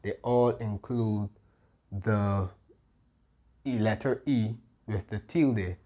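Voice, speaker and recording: A man teaching a grammar lesson, explaining patiently and pausing often with soft "mm-hmm" fillers. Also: lowish voice. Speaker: Spanish tutor.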